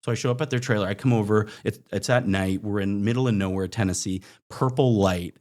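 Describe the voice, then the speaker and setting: A young man from Canada, a podcast guest telling stories in casual chat, animated, full of "like" and acting out what people said. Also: lowish voice, a little fast. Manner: animated, acts out quoted voices, frequent "like" fillers.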